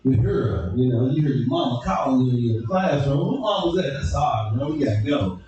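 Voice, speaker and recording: A man doing stand-up, telling stories and acting out people with sudden shouts. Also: fairly quick, very echoey, distant mic, dull audio. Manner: animated, acts out characters with sudden shouted high squeals. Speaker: stand-up comedian. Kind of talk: stand-up storytelling.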